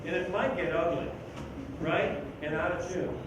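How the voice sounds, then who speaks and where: A man leading a school band rehearsal, giving animated, joking instructions and singing rhythms aloud to show phrasing. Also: a little high, moderate pace. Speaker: band clinician conducting a rehearsal. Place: school band room, indoors. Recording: very echoey room from far off with background noise.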